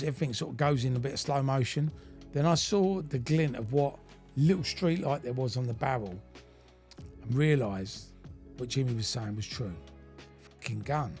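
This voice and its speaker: A middle-aged British man reading his own memoir aloud, blunt and full of swearing. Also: medium pitch. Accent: British English. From United Kingdom. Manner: blunt, heavily profane storytelling. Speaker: narrator of his own life story.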